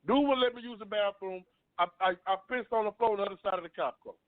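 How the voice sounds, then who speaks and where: A man's voice: high voice, fast talker, no echo. Earnest man telling a story over a phone line. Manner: earnest, storytelling, repeats himself. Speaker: panel guest. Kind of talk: personal story on a talk panel. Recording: dry phone-line sound.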